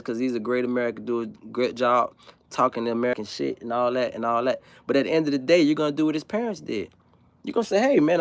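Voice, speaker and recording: A man who grew up in South Florida, hosting a livestream and talking in a blunt, profane, animated way. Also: mid-range voice. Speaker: livestream host. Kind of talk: casual opinionated monologue.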